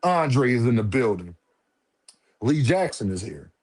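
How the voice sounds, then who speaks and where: A man hosting a casual livestream, firing off lively, repetitive shout-outs to viewers with slangy banter. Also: medium pitch, unhurried, breathy edge. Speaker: livestream host.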